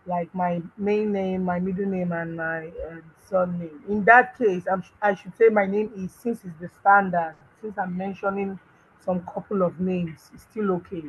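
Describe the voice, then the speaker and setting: A woman's voice: lowish voice, fairly even intonation, moderate pace, slight background noise. Hesitant woman student, muffled line. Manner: hesitant, searching for words. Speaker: student asking a question. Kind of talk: question in an online class.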